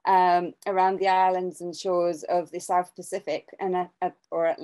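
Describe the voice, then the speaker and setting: A woman's voice: lowish voice, level tone, moderate pace, darkish tone, poor audio. An English woman co-hosting an art podcast, chatting casually, rambling with many restarts and small laughs. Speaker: podcast co-host and artist. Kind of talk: casual chat.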